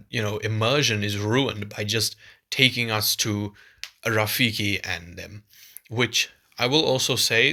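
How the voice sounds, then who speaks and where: A man's voice: mid-range voice, sharp tone. A man giving a casual film review, rambling and exasperated, with many restarts.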